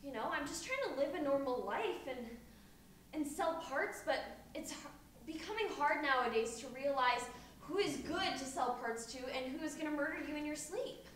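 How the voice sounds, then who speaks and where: A woman's voice: sits high, lively intonation, normal speed, a bit bright. A woman acting as a yoga studio worker in live improv theatre. She is chatty and apologetic and stumbles over her words. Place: theatre stage. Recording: very echoey live theatre from far off, faint room noise.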